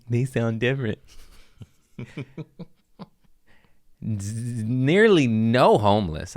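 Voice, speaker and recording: A man's voice: on the low side, no echo, clean studio sound. A man hosting a comedy podcast, rambling through crude, jokey stories in a casual monologue.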